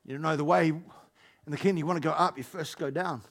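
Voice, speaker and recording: High gravelly pastor. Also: male voice, fairly even intonation, quick pace. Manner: playful, joking asides to the congregation. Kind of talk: lively sermon.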